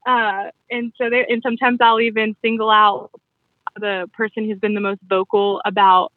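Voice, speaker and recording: A woman's voice: a little high, little pitch movement, no room sound. Woman on a tinny phone line. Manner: upbeat, playful, with self-corrections and quick laughs. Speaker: jewelry party seller. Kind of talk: casual explanation of sales tips.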